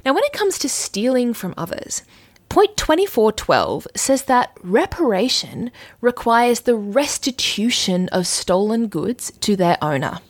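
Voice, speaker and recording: A woman hosts a casual teaching episode with a bouncy, expressive voice that rises and falls freely. She is chatty and quick to laugh between points. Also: fairly high pitch. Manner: lively, chatty, laughs often. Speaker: religious teacher, host. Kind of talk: casual explainer lesson.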